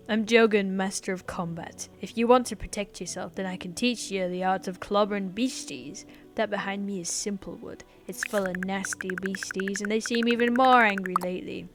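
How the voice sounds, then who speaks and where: A woman voicing a blustery male combat master, attempting a Scottish accent in a loud, commanding way. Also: medium pitch, steady tone, moderate pace, lightly acted. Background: game music.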